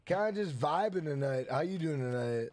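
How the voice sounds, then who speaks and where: Male gaming streamer: loud, profane, lively; high voice with big swings in pitch; game music underneath. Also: moderate pace. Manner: excitable, profane, loud outbursts; banters with chat and greets viewers. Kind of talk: live gameplay stream commentary.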